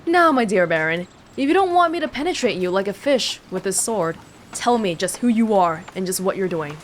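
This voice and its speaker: A woman reading aloud as a lofty, smug gentleman detective from a game book. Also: mid-range voice, expressive, a little fast, slight background noise, close to an everyday voice.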